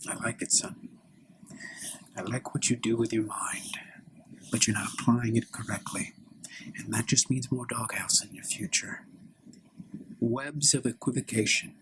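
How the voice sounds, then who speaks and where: A man voicing a stern, moralizing middle-aged father who lectures in a hushed, often whispery voice, in a solo improvised comedy scene. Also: medium pitch, fairly even intonation, unhurried, pauses often, natural voice, rough recording.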